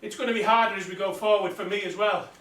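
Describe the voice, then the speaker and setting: Man, high-pitched, slightly out of breath, plain-spoken, echoey distant recording. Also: fairly even intonation, quick pace, fairly bright tone. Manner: blunt, plain-spoken, talks while pedalling an exercise bike. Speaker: vlogger. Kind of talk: casual motivational talk. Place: indoor room with exercise bike. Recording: roomy sound from a distant mic.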